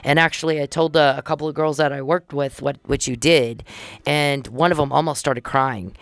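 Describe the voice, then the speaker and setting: Speaking at a normal speed with fairly even intonation, a low-voiced middle-aged woman hosts a podcast where she indignantly and casually recounts what happened, acting out the conversations in quoted dialogue. The recording has no room sound.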